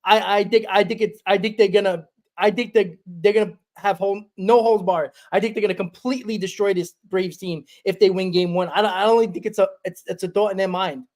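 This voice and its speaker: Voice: medium pitch, fairly even intonation, a little fast, a little mellow. A sports talk host chatting casually, often restarting and repeating phrases. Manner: rambling, repeats himself. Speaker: podcast host.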